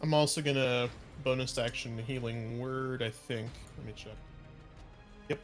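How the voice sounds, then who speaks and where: A man's voice: mid-range voice, steady tone, moderate pace, soft background music. A man playing a tabletop game, reading rules aloud and thinking things through with some uncertainty. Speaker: player.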